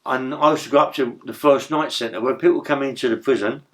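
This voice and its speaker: A man's voice: mid-range voice, fairly even intonation, fairly quick, fairly bright tone. A middle-aged man telling stories in a rambling, profane way, full of stammered restarts. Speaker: interview guest, former prisoner. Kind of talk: casual storytelling.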